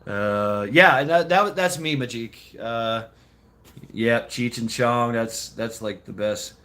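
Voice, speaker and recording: A middle-aged man chatting casually and rambling, laughing often and slipping into quick put-on voices. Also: mid-range voice, sharp tone. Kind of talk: casual chat.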